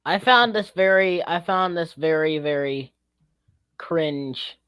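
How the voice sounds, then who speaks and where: A man's voice: fairly high pitch, takes it slowly, fairly bright tone, smooth. A man co-hosting a casual podcast chat, joking around and trying silly voices. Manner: joking, puts on silly accents. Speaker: podcast co-host.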